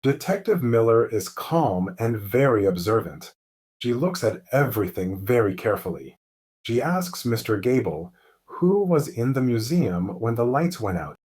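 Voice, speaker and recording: Calm, slow-spoken male English teacher. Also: medium pitch. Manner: calm, clear, deliberate. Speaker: host and story narrator. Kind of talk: slow scripted narration for English learners.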